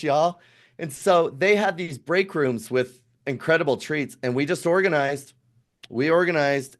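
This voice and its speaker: Fifty-something guy spinning a road trip story, animated, does all the voices. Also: on the high side. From United States. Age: 50s. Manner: animated storyteller acting out quoted dialogue. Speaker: podcast guest. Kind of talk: casual storytelling.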